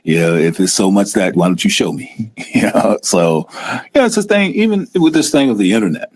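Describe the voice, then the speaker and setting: Middle-aged guy hosting a live stream, kinda low and husky, gets animated. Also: brisk. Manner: animated, acts out scared investors in a raised voice. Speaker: host. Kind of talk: casual live-stream talk.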